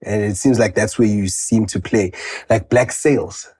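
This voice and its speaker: A man's voice: on the low side, unhurried, dark tone, husky. A man from South Africa hosting an interview, asking casual questions with many fillers and restarts. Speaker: interview host.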